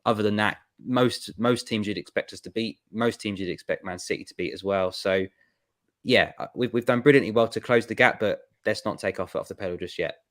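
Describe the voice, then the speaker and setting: A man talking football in casual podcast chat, with a halting, filler-heavy delivery. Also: on the low side, a bit bright, no echo, clean studio sound. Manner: hesitant, many restarts and fillers.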